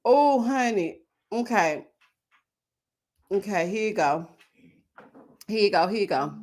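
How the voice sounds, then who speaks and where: A woman hosting a casual live chat, animated and laughing often, drawling endearments like "baby" and "child". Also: medium pitch, slow. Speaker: livestream host.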